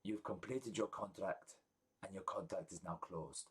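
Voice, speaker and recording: A man putting on a grateful king in a tabletop game, speaking low and hushed. The voice is quiet and earnest, lower than his usual talk. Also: moderate pace, slightly rough.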